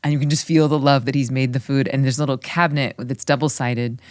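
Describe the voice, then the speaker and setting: A woman's voice: very deep voice, steady tone, no echo, studio quality. A young woman hosting a podcast, enthusiastic and affirming, chiming in eagerly. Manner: enthusiastic, affirming, quick interjections. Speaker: podcast host. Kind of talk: casual conversation.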